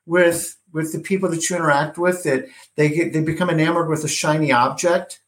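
Male interview host, slightly raised pitch, builds questions as he talks. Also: fairly even intonation, fairly quick. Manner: thinks aloud, builds long questions with restarts. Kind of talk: conversational interview.

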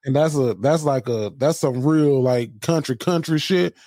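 A man's voice: medium pitch, measured pace, dark tone, no echo, studio quality. A man co-hosting a comedy podcast, chatting loosely and retelling stories with quoted lines. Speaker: podcast co-host. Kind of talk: casual comedic chat.

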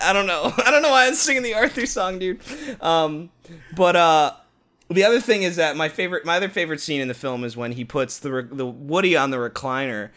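A young man co-hosting a podcast in casual chat, animated, cursing often and laughing as he tells stories. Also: fairly high pitch, fairly quick. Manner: animated, swearing, breaks into laughter. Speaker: podcast co-host.

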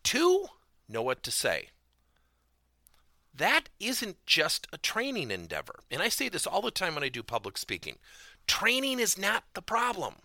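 A man's voice: sits high, huge pitch swings, a little slow, bright, forceful tone, no room sound, studio quality. A man giving a motivational business talk as a corporate coaching trainer, stressing key words emphatically and theatrically.

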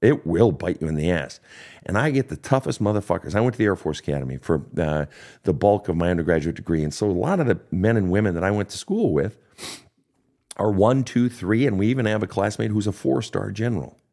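A man's voice: expressive, a little fast, gravelly. A man in his fifties, a life coach answering listener questions in a recorded online session, talking bluntly and swearing heavily as he drives his points home. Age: 50s. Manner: blunt, heavily profane, emphatic preaching delivery; swings between hushed low stretches and high impassioned bursts.

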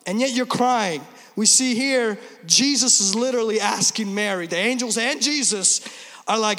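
The sermon comes from a pastor in his thirties whose forceful, bright voice is very high for a man, marking Easter. He stresses his points hard, then tosses off quick funny asides. A large church hall gives his voice a long, trailing reverb.

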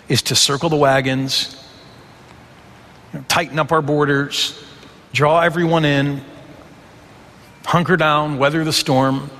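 A man's voice: fairly high pitch, a bit bright, in a large hall. A man preaching a conversational sermon, asking rhetorical questions and acting out imagined reactions. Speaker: pastor.

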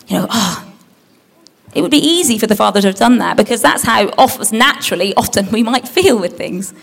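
A woman giving a lively Bible story talk to children, asking them questions and acting out the characters. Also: a little high, moderate pace, vocal fry, slightly rough. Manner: animated, acts out the characters, asks the audience questions.

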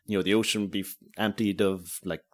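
A man's voice: low voice, level tone, fast. An Irish man, a podcast guest, chatting easily about a film and cracking dry jokes. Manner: easygoing, laughs often, dry jokes. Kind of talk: casual film review chat.

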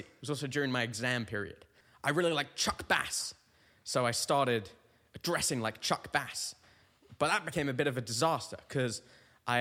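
A man's voice: mid-range voice, pushed and bright, in a large hall. A young man hosting a comedy podcast, telling meandering, self-mocking stories full of tangents. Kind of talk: rambling comic monologue.

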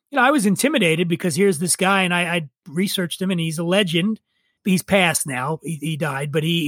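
A middle-aged man with a high voice talks in a loose, profane, opinionated way, spinning stories in casual conversation. The sound is dry and close. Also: a bit bright, no room sound. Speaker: podcast guest. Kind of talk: casual chat.

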